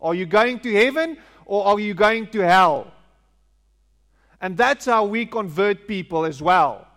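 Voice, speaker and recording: A man's voice: high-pitched, lively intonation, unhurried, fairly bright tone. A man preaching a sermon, repeating phrases for emphasis and asking rhetorical questions in a large hall. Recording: long hall reverb.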